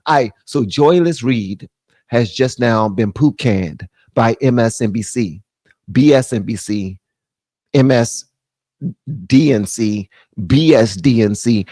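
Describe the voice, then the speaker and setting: An American man hosting a live stream, giving animated, jokey commentary and laughing often. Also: mid-range voice, dry recording.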